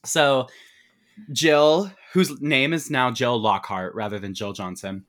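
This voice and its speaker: A man in his twenties casually recapping a movie on a podcast, swearing freely and acting out the characters' lines in quick put-on voices. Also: mid-range voice, fairly even intonation, a bit bright. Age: 20s. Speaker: podcast co-host.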